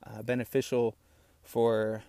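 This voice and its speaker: A man's voice: mid-range voice, monotone, slow, dark tone, no room sound. Young man, casual solo podcast, rambling and candid, slightly winded, dry close sound. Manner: rambling, candid, calls listeners "bro" and "man". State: out of breath. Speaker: podcast host. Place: small outdoor hideout on rural land.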